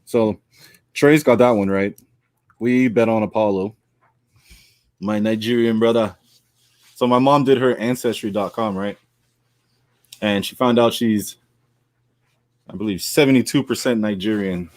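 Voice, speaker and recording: A man's voice: fairly low pitch, measured pace, pauses often, dry recording, studio quality. A man co-hosting a casual wrestling podcast, chatty and joking as he talks through the week's matches. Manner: joking, chatty, drops into put-on accents. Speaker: podcast co-host.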